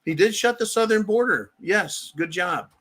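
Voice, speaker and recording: A man's voice: sits high, animated, moderate pace, a bit bright. Blunt, profane American man. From United States. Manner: blunt, swears freely, keeps asking "right?". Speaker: livestream host. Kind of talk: casual political commentary.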